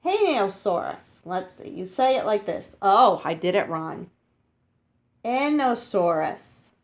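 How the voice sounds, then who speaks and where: A woman's voice: medium pitch, sing-song, measured pace. A woman reading a picture book aloud to children, stopping to explain words, sound out hard names and ask them questions.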